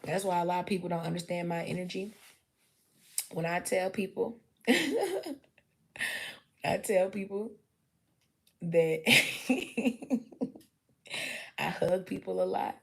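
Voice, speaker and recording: A woman's voice: fairly low pitch, flat delivery, moderate pace, creaky, pauses often, warm tone. A young adult woman, chatting candidly on a livestream, swearing freely and acting out quotes. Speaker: livestream host. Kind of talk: casual storytelling chat.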